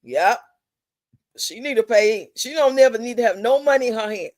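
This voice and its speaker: A woman's voice: a little high, expressive, moderate pace, darkish tone, no echo. A woman hosting a live stream, chatting casually in a blunt, profane, drawling way.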